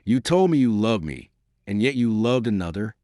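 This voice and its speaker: A wounded young nobleman in an audiobook, grave and bitter yet dignified, as a male narrator reads him. The voice sits low and moves expressively, recorded dry and close. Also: very animated, moderate pace, warm tone, no room sound. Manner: earnest, grave.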